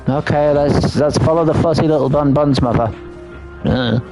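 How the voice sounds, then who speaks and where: A man's voice: a little high, normal speed, dark tone, soft background music, poor audio. A young man streaming a video game, joking offhandedly and reading the on-screen text aloud as he plays. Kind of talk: casual let's-play commentary.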